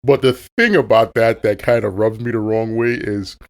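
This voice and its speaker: A man's voice: lowish voice, fairly even intonation, normal speed. A man, a podcast co-host speaking bluntly and firmly about family loyalty in casual chat. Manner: blunt, firm, speaks his mind.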